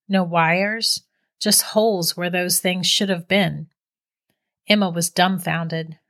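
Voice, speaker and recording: A woman with a somewhat low voice narrates a horror story. Her reading is measured and suspenseful, steady and deliberate.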